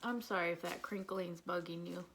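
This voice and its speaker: A woman's voice: on the low side, fairly even intonation, moderate pace, fairly bright tone, slight background noise, low-quality recording. A woman, chatting candidly as she does her makeup at home and venting about her son. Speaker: vlogger, mother of an autistic son. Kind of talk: casual makeup vlog chat.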